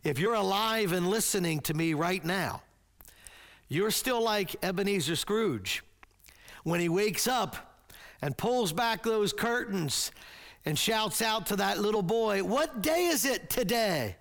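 High-voiced, slow-speaking man preaching. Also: fairly bright tone. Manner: halting restarts, then earnest emphatic preaching. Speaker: pastor. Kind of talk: sermon.

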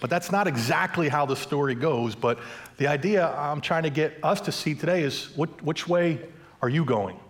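Casual storytelling pastor, a man. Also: medium pitch. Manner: casual storytelling with fillers and repeats. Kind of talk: conversational sermon. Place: church.

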